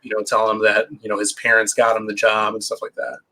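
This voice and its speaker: A man's voice: fairly low pitch, monotone, fast, sharp tone. A man, a guest comic book creator, chatting casually and rambling with lots of fillers in a livestream interview.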